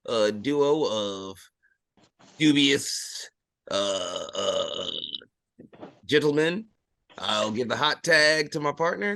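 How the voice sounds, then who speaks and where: Guy hosting a podcast, joking around, sharp bright voice, dry mic. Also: mid-range voice, dry recording. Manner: jokey, laughs often, trails off quietly. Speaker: podcast host. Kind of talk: casual podcast chat.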